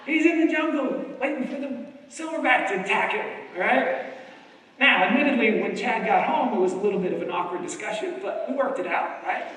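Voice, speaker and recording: A middle-aged man from New York giving an animated motivational speech on stage, telling stories and drawing the audience into call-and-response. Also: extremely high pitch, fairly quick. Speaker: keynote speaker. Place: large hall on stage. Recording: echoey hall from far off.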